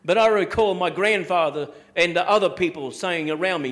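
Emphatic high-voiced male preacher. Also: animated. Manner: emphatic, repeating key phrases, slows down to quote scripture. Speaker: pastor. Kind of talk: sermon.

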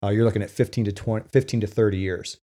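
A man with a fairly low voice talks through legal cases in a loose, halting way. He stops and restarts often and leans on fillers. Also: fairly even intonation, mellow. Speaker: co-host with legal case experience. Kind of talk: casual discussion.

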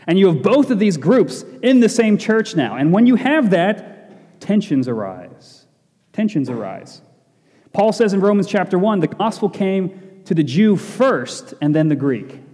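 Guy preaching a bible sermon, slightly high warm voice, repeats stuff for emphasis, big echoey hall. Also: big pitch swings, a little slow. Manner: emphatic, repeats key phrases, asks rhetorical "right?". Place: church hall with congregation. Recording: long echoey hall reverb.

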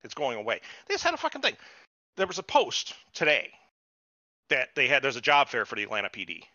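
Brisk and forceful, this mid-range, bright male voice swings hugely in pitch as a podcast host reviews a TV show in casual chat. He rants profanely and mocks people with put-on quotes; the audio is dull lo-fi with no room sound.

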